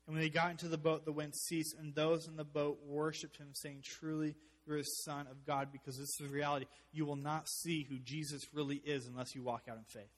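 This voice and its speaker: A man preaching a sermon as pastor, animated, with joking asides, swinging from loud to hushed. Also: fairly high pitch, in a large hall.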